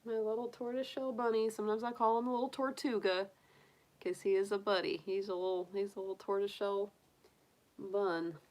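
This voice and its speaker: A woman's voice: medium pitch, fairly even intonation, a little fast, a little mellow. A woman hosting a casual livestream, cooing in baby talk to her pet rabbit and chatting with viewers. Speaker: tarot reader livestream host.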